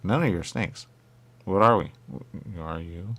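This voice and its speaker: A man's voice: very animated, moderate pace, long pauses, a bit bright. A man in absurd comedic banter, arguing in goofy circles. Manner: goofy, circular arguing with big pitch jumps.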